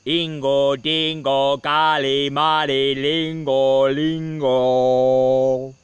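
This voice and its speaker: A man voicing a talking dog that answers in a slow, eerie, loud chant of strange words. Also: medium pitch, little pitch movement, smooth, no echo.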